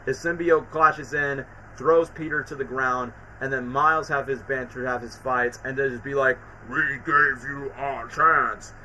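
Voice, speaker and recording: A man streaming casual commentary, excitable and acting out quoted lines as he recaps scenes. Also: medium pitch, moderate pace, few pauses, slight background noise, low-quality recording.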